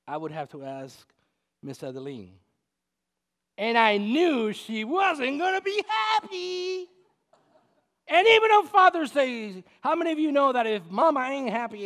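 Animated high-voiced male preacher. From Puerto Rico. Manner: animated, swings loud and soft, acts out quotes. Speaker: pastor. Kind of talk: sermon with humorous storytelling.

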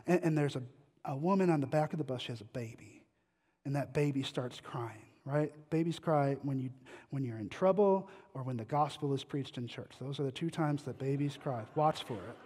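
A slightly high, somewhat mellow male voice belongs to a guest pastor preaching in a church sanctuary. Long hall reverb surrounds his sermon, in which he tells stories conversationally and asks listeners questions.

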